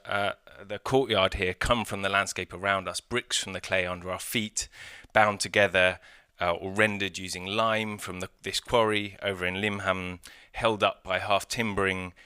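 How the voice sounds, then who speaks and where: Deep-voiced British man giving a talk. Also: pushed and bright, clean tone, no echo, studio quality. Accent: British English. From Britain. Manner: conversational, thoughtful, with frequent fillers and restarts. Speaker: city architect. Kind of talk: conference talk. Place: outdoor courtyard by historic buildings.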